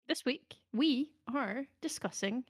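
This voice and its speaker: Her voice sits high, sounds expressive, and moves slowly as this young adult woman hosts a casual podcast chat. She comes across hesitant and self-deprecating, filling her speech with lots of ums.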